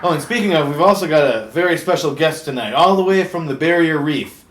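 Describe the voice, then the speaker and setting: A goofy male shark talk show host, played by a man, delivers a deadpan, pun-filled late-night monologue, chuckling at his own jokes. His voice sits a bit high for a man. The recording has a roomy echo and a faint hum behind it. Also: brisk. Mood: wry.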